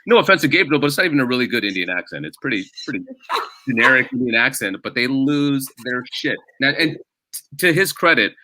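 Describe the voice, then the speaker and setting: A man's voice: mid-range voice, animated, quick pace, bright, forceful tone, a little hiss or hum. A male stand-up comedian as a guest on a casual podcast, telling rambling self-deprecating stories.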